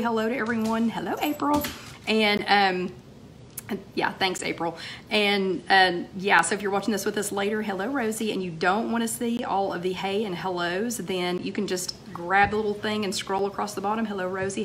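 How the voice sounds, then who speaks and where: A woman, a little hoarse, hosting a casual live-stream chat and greeting viewers by name. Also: mid-range voice, fairly bright tone, a little hiss or hum. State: slightly hoarse. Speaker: livestream host. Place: home, TV playing in the background.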